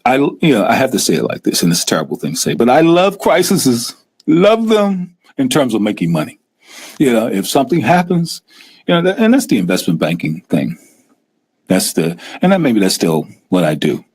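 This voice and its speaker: A middle-aged man hosting a casual live-stream talk show, animated and often acting out scared investors in a raised voice. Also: mid-range voice, moderate pace, husky. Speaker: host.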